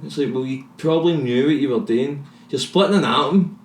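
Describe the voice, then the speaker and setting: A man's voice: mid-range voice, fairly quick. A young Scottish man co-hosting a podcast, telling sweary, rambling stories that drift off on tangents. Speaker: podcast co-host. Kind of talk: casual chat. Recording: echoey room, distant mic.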